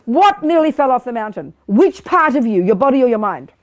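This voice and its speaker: An older woman giving a lively Buddhist teaching to a live group, quizzing her listeners and talking bluntly and playfully. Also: a little high, fairly quick. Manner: animated, questioning the audience, blunt and playful. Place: meditation study group hall.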